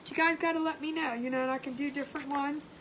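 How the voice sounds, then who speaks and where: Chatty lady doing a craft livestream, high voice, greets everyone by name, faint noise behind. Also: steady tone, quick pace. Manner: chatty, greets viewers by name, laughs often. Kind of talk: casual live-stream chat.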